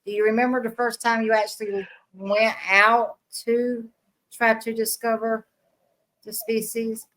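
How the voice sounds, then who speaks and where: A woman's voice: on the high side, level tone, measured pace, fairly bright tone, rough recording. A woman hosting a podcast, asking long, winding interview questions. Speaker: podcast host.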